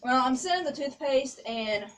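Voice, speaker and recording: A woman's voice: sits high, animated, normal speed, a bit bright. A woman in a family gathering, plain-spoken and feeling guilty. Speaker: family member.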